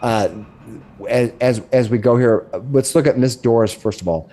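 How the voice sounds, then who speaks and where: A middle-aged man narrating as game master, describing rooms in a halting way with many restarts. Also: mid-range voice, warm tone.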